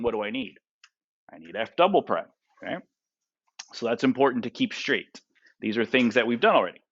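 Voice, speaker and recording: In a classroom lecture, a male math teacher keeps questioning his students and ends points with "right?" or "okay?". He has a medium-pitched, fairly bright voice, though the recording's highs are cut off.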